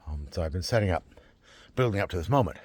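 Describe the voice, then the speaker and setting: A man with a low, somewhat husky voice talks straight to camera in a loose, rambling way. His pitch swings widely as he gets worked up, and he keeps circling back with fillers and restarts. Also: lively intonation, fast talker, darkish tone. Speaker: vlogger running a campaign. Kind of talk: casual rambling monologue.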